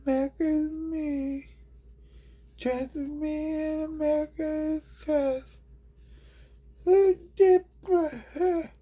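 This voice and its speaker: A man voicing a shrill, dim-witted caricature of an ordinary person in a mocking falsetto, drawn out and sing-song. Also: warm tone. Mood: rambling. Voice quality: squealing falsetto, whiny and mocking.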